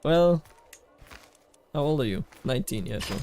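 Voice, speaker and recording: A man's voice: medium pitch, expressive, normal speed, pauses often, dark tone, faint music behind. A man from Bavaria giving casual commentary while playing a strategy game, rambling with many fillers and restarts. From Bavaria, Germany.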